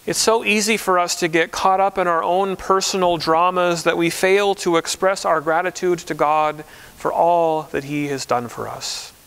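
A man's voice: high voice, fairly even intonation, moderate pace, creaky, fairly bright tone, smooth. A man who is a pastor, preaching a conversational, story-driven sermon. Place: church.

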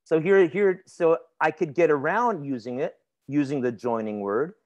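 A man with a fairly high voice teaches grammar to a class. He keeps it chatty and informal. He stops to put questions to his students and laughs easily. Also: moderate pace, highs cut off. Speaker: instructor.

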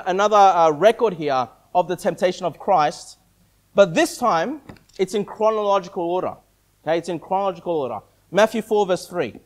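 Brief: higher-pitched male pastor, casual preaching style, keeps checking in with the congregation. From Australia. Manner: conversational preaching, frequent "okay?" and "all right?" check-ins. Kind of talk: sermon.

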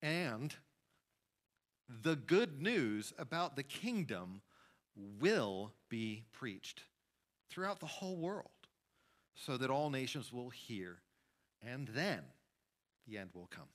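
Pastor type, man, unhurried emphatic preaching delivery, mid-pitched voice. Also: sing-song. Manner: slow, emphatic preaching with sudden rises and hushed drops. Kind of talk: sermon. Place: church sanctuary.

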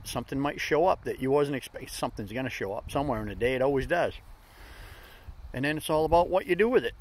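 A man's voice: mid-range voice, slight background noise. A middle-aged man hosting a daily vlog, giving folksy, upbeat motivational talk in plain slang. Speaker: vlog host.

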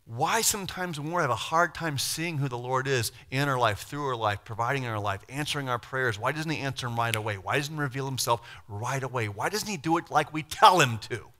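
Animated preacher man, bright voice. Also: medium pitch, brisk, hardly any pauses. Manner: animated, conversational preaching with sudden loud and quiet swings. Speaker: pastor. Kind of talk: sermon.

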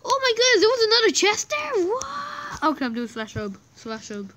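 A woman giving casual gameplay commentary, excitable and playful, humming little tunes as she plays. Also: very high voice, normal speed, lo-fi sound, background noise. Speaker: gamer.

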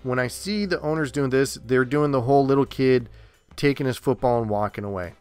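A man's voice: mid-range voice, a little fast, a little mellow, clean tone, dry recording, soft background music. A man hosting a podcast, talking bluntly and heatedly straight to his listeners in a casual monologue. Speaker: podcast host.

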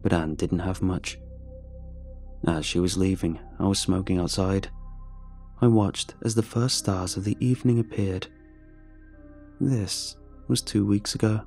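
A man narrates a scripted horror story in a measured, somber manner. His voice is low-set and dark, and faint music runs underneath. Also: fairly even intonation, creaky.

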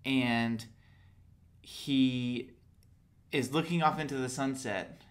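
A man's voice: mid-range voice, takes it slowly. A man co-hosting a casual fan podcast, talking animatedly and acting out quotes in raised voices. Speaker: podcast co-host.

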